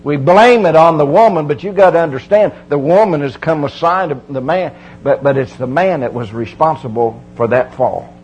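A middle-aged preacher giving a folksy, emphatic sermon full of repeated phrases. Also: male voice, fairly high pitch, moderate pace, hardly any pauses, darkish tone, lo-fi sound, a little hiss or hum.

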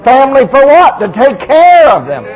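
Middle-aged male preacher, high voice, homespun and insistent sermon delivery. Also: huge pitch swings, moderate pace, lo-fi sound. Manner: folksy, emphatic preaching with repeated phrases.

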